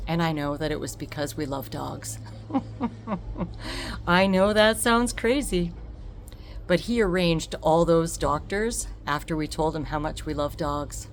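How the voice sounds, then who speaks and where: Woman, lowish voice, emotional storytelling, frequent laughs, faint background hiss. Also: slow. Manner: emotional, laughs often, expressive quoting. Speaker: vlogger. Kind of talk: personal storytelling.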